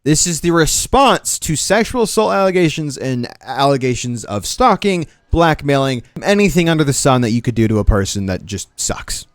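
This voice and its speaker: A man's voice: medium pitch, very animated, normal speed, hardly any pauses, no room sound, clean studio sound. A man giving profane, sarcastic reaction commentary, ranting in disbelief. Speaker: commentary streamer.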